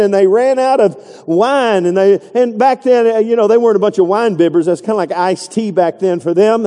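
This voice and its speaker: A man's voice: high voice, warm tone, big-room sound. A middle-aged man preaching a folksy, digressive sermon, acting out quotes along the way. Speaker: pastor.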